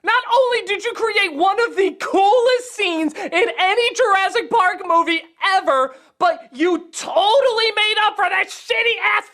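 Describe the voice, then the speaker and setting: A woman doing a parody movie review, excitable and full of yelled profane rants. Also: very high-pitched, unhurried, hardly any pauses. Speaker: comedy reviewer. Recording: music underneath.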